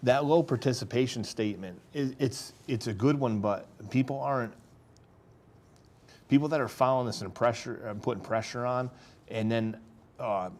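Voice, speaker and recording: A man, a farmer speaking as a guest on a local talk show, earnest and halting, often restarting his sentences. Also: medium pitch, a little mellow. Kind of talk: casual interview talk.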